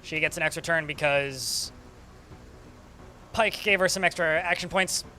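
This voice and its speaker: A man's voice: on the high side, unhurried, pushed and bright, slight background noise. A man casually commentating a strategy game while streaming, chatty and swearing now and then. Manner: chatty, swearing, talks to chat.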